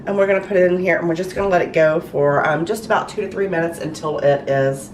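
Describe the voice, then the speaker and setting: A woman's voice: fairly low pitch, quick pace, a little mellow. A middle-aged woman hosting a casual home cooking demonstration in her kitchen, chatty, with frequent ums and restarts. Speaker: cooking show host. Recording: roomy echo, mic far off, noisy.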